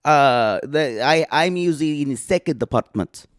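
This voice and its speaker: A man voicing a scheming, world-weary woman cousin named Olga, talking in halting, broken English with dramatic pauses in an improvised comic bit. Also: on the high side, lively intonation, no echo, studio quality, natural voice. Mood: sly.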